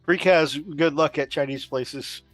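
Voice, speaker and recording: A man's voice: a little high, a little slow, no echo, faint music behind. A man co-hosting a casual chat about painting, easygoing and laughing often. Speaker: podcast co-host.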